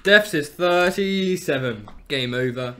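A young man streaming a video game, rattling off his controls under his breath and breaking into panicked shouts. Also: on the high side, animated, over loud music. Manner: rapid muttered narration of controls, bursts of panicked shouting. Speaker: gameplay streamer. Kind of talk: let's play commentary.

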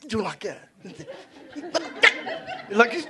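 A man telling a stand-up story on stage, his voice sitting high and swinging up and down as he acts out the scenes. Faint crowd laughter comes through behind him in the club. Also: measured pace, long pauses, noisy background. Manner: animated, acts out characters with big pitch jumps. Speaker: stand-up comedian. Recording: live comedy club with crowd. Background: audience laughter.

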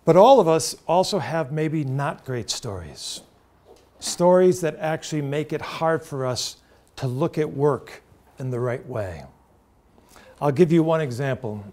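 A man's voice: on the high side, lively intonation, unhurried, a little mellow. Earnest man lecturing students. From United States. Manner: earnest, storytelling, direct questions to the audience. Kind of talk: university talk to students. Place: lecture room.

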